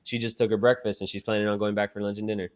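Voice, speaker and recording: A man's voice: lowish voice, level tone, racing, darkish tone. Profane, rambling young man telling a story. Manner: profane, rambling storyteller who acts out quotes. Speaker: podcast co-host. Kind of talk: casual sibling banter.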